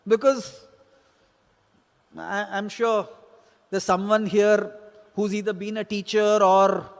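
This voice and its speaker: A man, a teacher, telling a personal story from his student days and acting out the exchanges he quotes. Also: sits high. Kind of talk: spoken personal anecdote. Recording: hall reverb.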